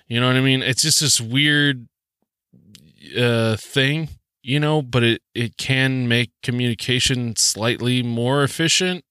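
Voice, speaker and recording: A man's voice: mid-range voice, steady tone, unhurried, a bit bright, clear, resonant tone, no room sound, studio quality. A man with a Southern US accent hosting a rambling, joking solo podcast, full of ums and restarts. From southern United States. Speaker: podcast host.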